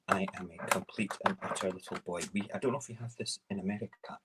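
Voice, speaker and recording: Very deep-voiced man chatting. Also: fast talker, hardly any pauses, very noisy. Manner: rambling, animated, self-mocking. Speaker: morning show host. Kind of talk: casual live-stream chat while cooking.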